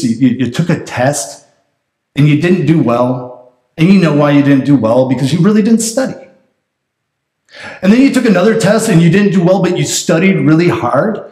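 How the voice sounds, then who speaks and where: A man pastor preaching a sermon in a conversational, animated way. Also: on the high side, reverberant. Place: church sanctuary.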